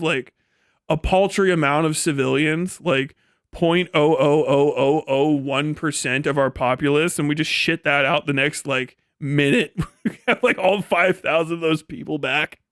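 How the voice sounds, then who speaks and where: A young man rants on a livestream in a high voice, swearing freely and laughing scornfully as he rambles. The sound is dry and close to a desk mic. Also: fairly bright tone, no echo. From United States. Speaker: live streamer. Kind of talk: casual rant on a livestream.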